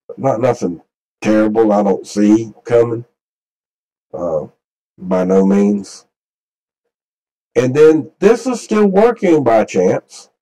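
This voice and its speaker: A man's voice: on the low side, mellow, rough recording. A man, rambling folksily through a screen-share and repeating himself as he walks viewers through weather maps. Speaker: channel host. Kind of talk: casual screen-share commentary.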